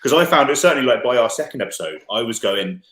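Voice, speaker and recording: A man co-hosting a quiz chat, animated and often restarting his sentences. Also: mid-range voice, quick pace. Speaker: co-host. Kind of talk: casual chat. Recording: roomy echo.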